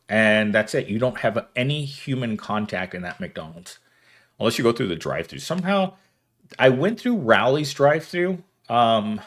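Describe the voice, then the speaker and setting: Man in his thirties, casual stream host, rambling, animated pitch, reads chat aloud. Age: 30s. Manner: rambling, laughs often, reads comments aloud. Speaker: livestream host reading viewer chat.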